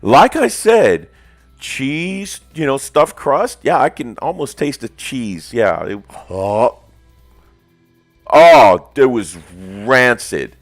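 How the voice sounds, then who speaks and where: A man in his fifties chatting casually on a hobby stream, telling stories and acting out the quotes loudly. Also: medium pitch, slow pace, dry recording, soft background music. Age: 50s. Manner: animated storyteller, acts out quotes loudly. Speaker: stream co-host. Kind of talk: casual chat.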